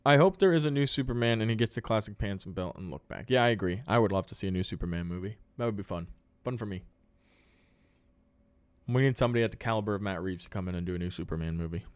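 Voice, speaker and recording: In a dry recording, a man with a fairly low, clean-toned voice talks fast while hosting a casual live podcast. He reads viewer comments aloud, thanks people, and answers questions on the fly in an upbeat, chatty way.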